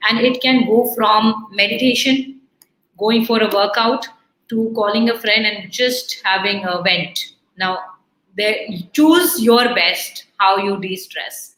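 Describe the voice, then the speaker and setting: A woman guest speaker answering questions in a live online talk, earnest and halting, with many fillers and restarts. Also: medium pitch, pushed and bright, reverberant, rough recording. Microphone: online video call.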